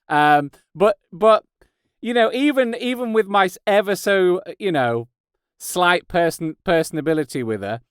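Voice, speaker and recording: Recorded without echo in a padded home studio booth, this man hosts a podcast and works as a voice actor. He talks in a loose, self-deprecating monologue full of laughter and false starts. His voice sits a little high, sounding slightly bright, clear and resonant.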